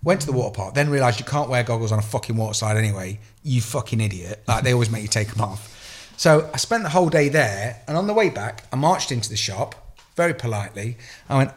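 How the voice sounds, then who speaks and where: An English man in his thirties, co-hosting a podcast and telling an animated, profane story in casual chat. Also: medium pitch, fast talker. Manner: swears a lot, animated storytelling. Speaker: podcast co-host.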